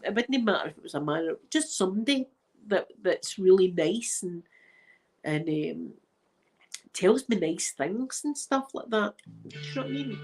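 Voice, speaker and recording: A middle-aged Scottish woman talks to her viewers in a loose, emphatic way, repeating her phrases for weight. She has a cold, and her voice sits at an ordinary pitch for a woman. Soft music plays faintly behind her. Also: poor audio. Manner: chatty and emphatic, repeats phrases, uses local words like wee and dead. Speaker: channel host talking to viewers. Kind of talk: casual chat with live viewers.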